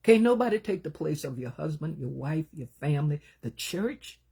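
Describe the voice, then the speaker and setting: A woman preaching a sermon, talking with passion and emphasis, rising into loud bursts and then dropping to hushed, low asides. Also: lively intonation, moderate pace, vocal fry, husky.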